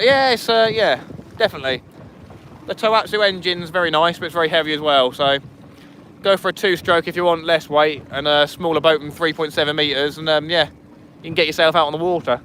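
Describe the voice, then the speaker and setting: A man's voice: on the high side, fairly quick, bright, forceful tone. Chatty man on a noisy boat. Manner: chatty, banters with viewers. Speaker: fishing vlogger. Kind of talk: casual live-stream chat. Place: small inflatable boat at sea, outdoors. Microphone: camera on the boat. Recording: wind and boat engine noise.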